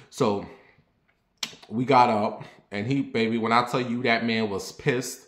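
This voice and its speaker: A man from the New York area telling a personal story in a sassy, animated, profane way. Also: medium pitch, normal speed. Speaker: vlogger. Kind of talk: casual storytelling. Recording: roomy echo.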